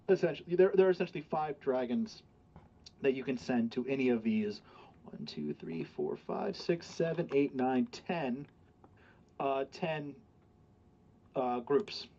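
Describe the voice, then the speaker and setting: Halting man running a tabletop game. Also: medium pitch, lively intonation, mellow. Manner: halting, many fillers and restarts. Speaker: game master. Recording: dull lo-fi home mic.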